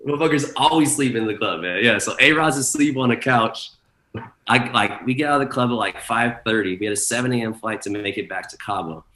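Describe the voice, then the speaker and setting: A man's voice: medium pitch, brisk, pushed and bright, echoey room. A man, a guest DJ, telling rambling, profane stories in a casual chat, full of fillers.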